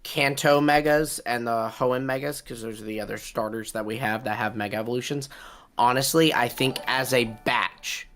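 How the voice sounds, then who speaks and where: A man's voice: mid-range voice, fairly even intonation, normal speed, a bit bright. A man co-hosting a podcast in casual chat, agreeable and brief in his remarks. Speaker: podcast co-host.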